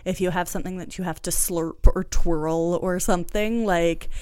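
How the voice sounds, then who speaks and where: A woman's voice: on the low side, steady tone, moderate pace, darkish tone, clear, resonant tone, no room sound. A woman co-hosting a podcast in casual chat, chatty and full of "like" and "um". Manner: chatty, lots of "like" and "um", laughs easily. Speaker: podcast co-host.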